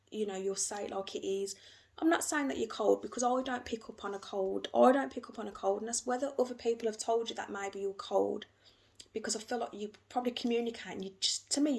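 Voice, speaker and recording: A woman giving an emotional, gentle tarot reading, repeating herself often. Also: on the high side, vocal fry. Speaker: tarot reader.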